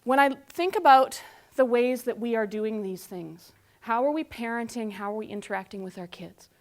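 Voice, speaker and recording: A woman in her forties speaks to a live audience in a bright, fairly high voice. She keeps it conversational, tossing questions to the room and slipping into little acted-out scenes to make her point. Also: normal speed. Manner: lively, asks the audience questions, acts out scenes. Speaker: conference speaker.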